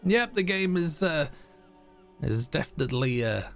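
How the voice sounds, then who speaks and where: A man's voice: on the high side, unhurried, vocal fry, soft background music. A man streaming a video game live, chatting casually and laughing with viewers, with plenty of fillers. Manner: relaxed, chatty, filler-heavy, laughs easily. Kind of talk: casual livestream chat while playing.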